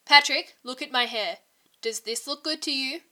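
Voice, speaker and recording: A woman voicing an excitable young man who teases and wheedles his friends. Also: sits high, normal speed, voice pushed up. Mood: playful. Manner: eager, teasing, wheedling.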